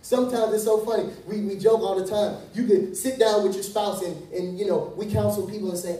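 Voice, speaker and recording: Warm-voiced pastor preaching in an echoey sanctuary. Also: male voice, high voice, steady tone, fairly quick, hardly any pauses. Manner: casual, joking, then emphatic and earnest. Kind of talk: conversational sermon. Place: church sanctuary. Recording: echoey hall from a distant mic.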